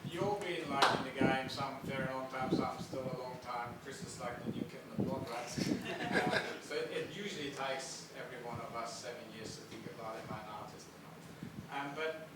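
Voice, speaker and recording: A man's voice: medium pitch, brisk. A man in the audience asking a long question, rambling and searching for words. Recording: echoey hall, distant, loud noise.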